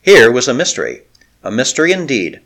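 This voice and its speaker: A man narrating an adventure novel aloud in an expressive, storytelling manner. His pitch sits in the middle for a man and moves a lot through each phrase. The delivery is dramatic and carefully scripted. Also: a little fast, creaky. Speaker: audiobook narrator.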